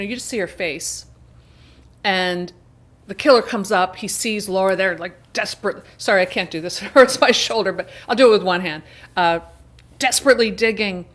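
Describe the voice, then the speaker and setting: A woman hosting a casual show, retelling a film's plot in a chatty way with quick asides. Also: medium pitch, a bit bright. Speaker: host. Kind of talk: casual film discussion.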